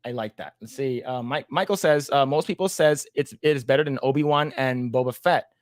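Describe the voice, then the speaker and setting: A man's voice: medium pitch, fairly quick, no room sound. A man co-hosting a casual livestream podcast, reading chat comments aloud in a laid-back way and laughing often.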